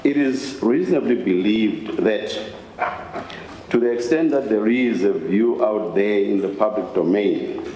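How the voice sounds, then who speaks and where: A man questioning counsel from the bench in a courtroom, deliberately reading out quoted phrases and stressing them. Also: fairly low pitch, mellow. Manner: slow, deliberate, reads quoted phrases with emphasis. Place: large courtroom. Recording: echoey court hall, faint hiss.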